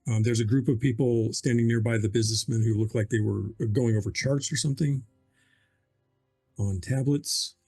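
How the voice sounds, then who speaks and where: A man's voice: medium pitch, steady tone, normal speed, dark tone, breathy edge, soft background music. A man narrating as game master of a tabletop game, hesitant and full of fillers.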